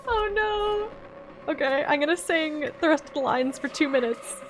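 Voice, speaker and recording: A woman streaming a horror game, chatting casually in an excitable, jokey way. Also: high-pitched, a little fast, over music. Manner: excitable, jokey, laughs often. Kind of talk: casual let's-play commentary.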